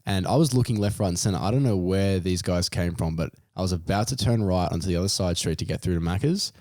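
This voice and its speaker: A man's voice: fast talker, dry recording, studio quality. Young Australian man telling a story. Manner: animated, voice jumps high when retelling panic. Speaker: podcast co-host. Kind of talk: casual storytelling.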